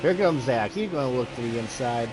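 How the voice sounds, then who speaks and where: A man's voice: mid-range voice, lively intonation, fairly quick, over music. A man in his twenties giving casual, chatty running commentary as he streams a racing game live. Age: 20s.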